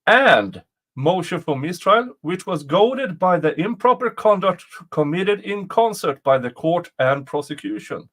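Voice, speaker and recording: A man's voice: high voice, big pitch swings, a little slow, a bit bright. A man hosting a casual livestream, reading aloud and chuckling often at his own jokes. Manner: chuckles often, jokey asides. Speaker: livestream host commenting on a trial. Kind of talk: casual live commentary.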